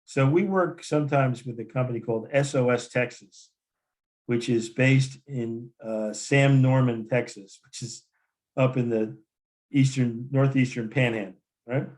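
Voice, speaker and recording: A man's voice: medium pitch, measured pace, darkish tone. A man telling a story as a guest in a casual conversation, rambling with many restarts and quoted dialogue. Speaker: coffee company founder as guest.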